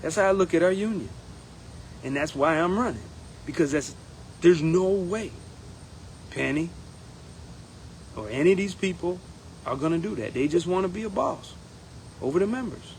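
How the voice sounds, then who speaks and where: A man speaking in a casual campaign monologue as a union steward, animated and acting out others in quotes. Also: sits high, moderate pace, long pauses, a little hiss or hum, low-quality recording. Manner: animated, acts out members' voices in quotes. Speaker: union steward running for president.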